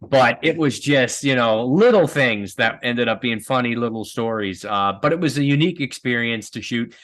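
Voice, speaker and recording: A filmmaker guest telling stories in a casual, rambling way, with many fillers and restarts and frequent laughs. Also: male voice, mid-range voice, moderate pace, a bit bright.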